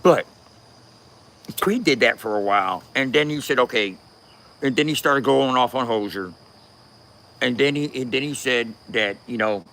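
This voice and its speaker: A man's voice: medium pitch, normal speed, pauses often, fairly bright tone. A man giving a casual, profane rant as a commentator, cursing and laughing often.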